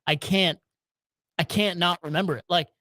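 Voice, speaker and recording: A man's voice: high-pitched, steady tone, moderate pace, bright, forceful tone, no echo. A man with a Southern accent that has some northern traces, co-hosting a sports podcast in a laid-back, agreeable way. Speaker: podcast co-host. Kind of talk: casual sports podcast chat.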